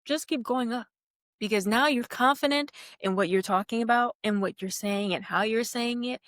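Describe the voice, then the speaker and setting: A woman's voice: a little high, moderate pace, a bit bright, no echo, clean studio sound. A young woman hosting her own podcast, talking in a casual, upbeat and encouraging way. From California. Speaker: podcast host. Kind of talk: casual solo podcast talk.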